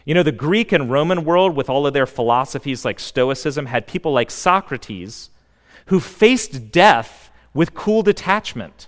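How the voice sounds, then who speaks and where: A pastor giving a sermon in a church, earnest and emphatic, with dramatic pauses. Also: male voice, a little high, lively intonation, big-room sound. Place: church sanctuary.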